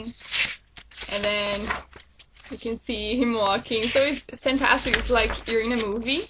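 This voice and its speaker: A woman's voice: on the high side, heavy background noise. A woman vlogger chatting casually to her viewers about new books, enthusiastic and talkative. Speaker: book vlogger. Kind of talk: casual book haul chat to camera.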